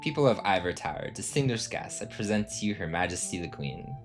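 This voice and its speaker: A man's voice: low voice, big pitch swings, a little fast, over music. A man reading a stiff castle herald. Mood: formal. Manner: stiff, declamatory. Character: formal male castle herald.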